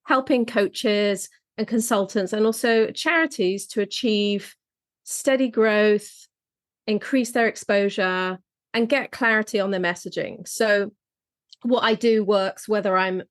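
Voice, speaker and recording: A woman's voice: medium pitch, no room sound. A woman guest on a podcast, explaining her work as a business coach in a friendly way. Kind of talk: interview answers.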